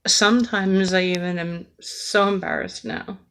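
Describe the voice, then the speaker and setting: An American woman rants earnestly in a slow, unhurried delivery, her pitch staying flat and even. She sounds emotional, close to tears, and stumbles through fillers and restarts. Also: vocal fry. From United States. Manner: earnest, impassioned, with hesitant fillers. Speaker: vlogger. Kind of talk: emotional political rant.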